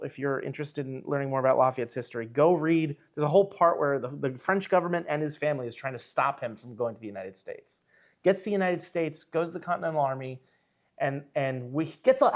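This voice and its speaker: A man with a fairly high voice tells history in an interview, lively and rambling. He slips in asides and "you know" as he goes, like a historian thinking out loud. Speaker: archivist and historian.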